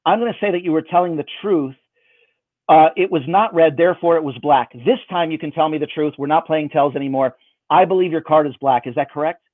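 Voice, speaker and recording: Magician guy on a video call, high voice, joking around, sounds like a phone. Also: fairly quick, dry recording. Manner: playful, self-mocking patter. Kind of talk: online magic performance. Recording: dry, phone-like band.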